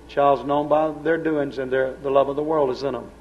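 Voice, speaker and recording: A man's voice: medium pitch, fairly even intonation, normal speed, dull audio, a little hiss or hum. A middle-aged man preaching a sermon in a folksy, emphatic style. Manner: folksy, emphatic, rural vernacular grammar.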